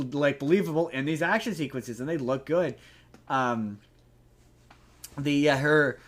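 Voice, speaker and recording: A man hosting a podcast, chatting casually about a movie in a rambling, animated way with lots of restarts and swearing. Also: a little high. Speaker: podcast host. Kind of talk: casual movie review chat.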